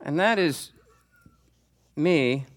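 A man teaching a Sunday school class, talking conversationally and calling on students by name, with lively swings in pitch for emphasis. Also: extremely slow. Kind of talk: teaching sermon. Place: church classroom before a group.

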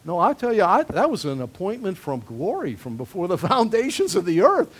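A man's voice: sits high, huge pitch swings, a little fast, slightly rough. A male pastor preaching a sermon, conversational with emphatic swells on key phrases.

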